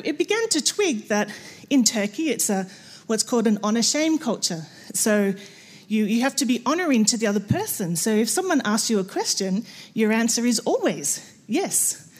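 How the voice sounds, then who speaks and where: A middle-aged woman with an Australian accent gives a lively church talk. Her voice sits a little high, and she acts out snippets of conversation, sometimes with a laugh. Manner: animated, acts out dialogue with laughter. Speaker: missionary speaker.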